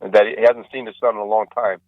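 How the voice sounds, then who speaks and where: A male comedian on a radio interview, telling long jokes and acting out the characters with lively changes of voice. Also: quick pace, no echo. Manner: animated joke-telling, acts out characters with rising pitch. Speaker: comedian guest. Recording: dull lo-fi radio sound, dry.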